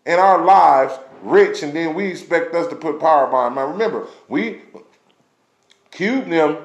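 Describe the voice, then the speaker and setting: A man's voice: a little high, expressive, moderate pace, echoey room. A man delivering a blunt, passionate rant full of profanity, as in a recorded vlog. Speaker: vlogger ranting on camera.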